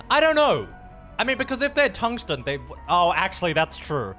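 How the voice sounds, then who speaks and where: A man with a high, very lively voice chats casually with his stream audience, swinging his pitch up and down as he goes. He swears freely and tosses in Japanese phrases. Faint music plays behind him. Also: normal speed. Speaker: livestreamer. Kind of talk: casual livestream chat.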